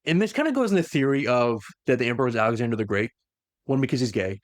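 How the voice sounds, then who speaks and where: A man's voice: mid-range voice, expressive, fast, no echo, clean studio sound. A young man co-hosting a podcast, casually retelling a story and acting out the quoted lines in funny voices. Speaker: podcast co-host.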